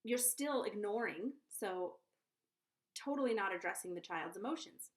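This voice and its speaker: A woman's voice: medium pitch, lively intonation, moderate pace. A woman giving parenting advice in a casual vlog, chatty and earnest, often checking in with the viewer. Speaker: conscious parenting coach.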